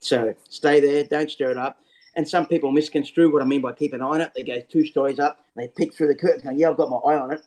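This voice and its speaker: An Australian man, a snake catcher, explaining things over a video call in a lively storytelling way. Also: on the high side, quick pace, rough recording. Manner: lively storyteller who acts out scenes. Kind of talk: casual explanatory interview talk.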